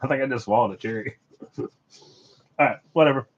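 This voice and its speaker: A man hosting a casual live repair stream, talking in a relaxed, rambling way and laughing often. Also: medium pitch, fairly quick, a little hiss or hum. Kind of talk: casual live stream chat while soldering. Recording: dull lo-fi stream audio.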